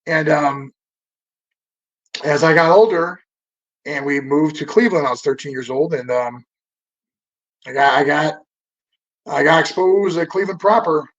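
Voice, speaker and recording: A man in his fifties from Southern California appears as a podcast guest in a casual interview, telling stories loosely, swearing often and restarting with lots of fillers. His voice is fairly high and a bit bright, with a measured pace and frequent pauses. The audio is dull and lo-fi.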